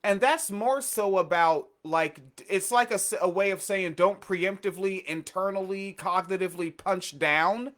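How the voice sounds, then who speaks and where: A man's voice: sits high, normal speed, hardly any pauses, fairly bright tone. A man co-hosting a casual radio chat, blunt and profane, with a sarcastic, ranting way of talking. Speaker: co-host.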